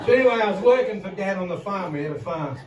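A man's voice: sits high, very noisy. A middle-aged Australian man doing crude, rambling stand-up comedy in a casino comedy room, swearing constantly and laughing at his own jokes. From Victoria, Australia. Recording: roomy live recording from a distance, loud crowd.

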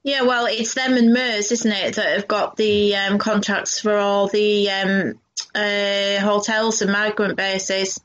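A woman's voice: mid-range voice, level tone, slow, fairly bright tone. A woman co-hosting a talk show, chatting casually and rambling with many fillers. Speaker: radio co-host. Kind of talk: casual chat interview. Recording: dull lo-fi audio.

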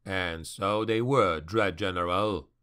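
Man playing a stiff, clipped elf highborn, low and held back. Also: unhurried, sharp tone, smooth. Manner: terse, restrained. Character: stiff, restrained dark elf highborn warrior.

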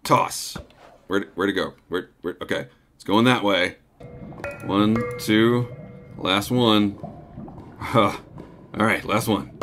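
A man casually commenting on his own gameplay as host, talking to his animals and breaking into excited shouts in big moments. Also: on the low side, slow pace, long pauses, loud music behind the voice. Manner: chatty, talks to his pets, bursts into excited shouts.

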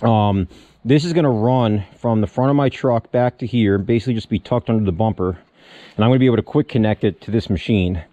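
A man in a casual how-to vlog, explaining step by step in a relaxed way while he works on his truck outdoors. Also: fairly low pitch, fairly quick, no echo. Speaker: small business owner showing a truck equipment setup.

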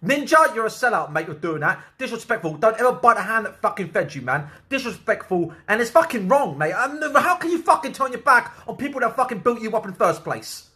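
A man in an angry, swear-filled rant, his bright voice bouncing up and down. He scolds and repeats the same insults again and again. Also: high voice, big pitch swings, a little fast, few pauses. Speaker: streamer.

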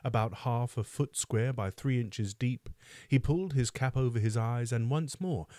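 A man's voice: medium pitch, normal speed, warm tone, no room sound, studio quality. A man reading a classic novel aloud for a book club, who reads steadily and stops now and then to remark on the text.

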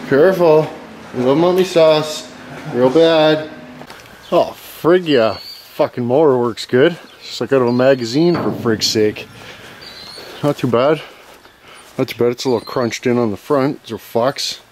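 A man's voice: medium pitch, a little slow, darkish tone. Foul-mouthed man vlogging. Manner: profane, rambling, self-apologizing. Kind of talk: casual vlog chat. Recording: vehicle and outdoor noise.

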